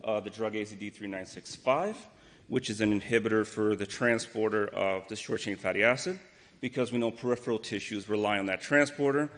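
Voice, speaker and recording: A man presents his lab's research in a brisk, technical way, with a few fillers. His fairly low voice carries a long reverb from the lecture hall. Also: a bit bright. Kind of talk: rehearsed scientific talk.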